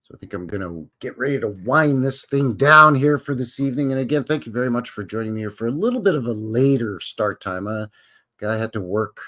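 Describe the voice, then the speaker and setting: A man's voice: lowish voice, animated, fast talker, pushed and bright. A man in his fifties hosting a casual live stream from home, chatting to viewers in a folksy, rambling way. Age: 50s.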